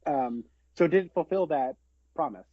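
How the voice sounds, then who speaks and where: A man co-hosting a podcast in easy, relaxed chat, his voice a touch higher than most. The sound is very dry, close and dull, like a lo-fi home setup. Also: moderate pace, dry recording. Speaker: podcast co-host.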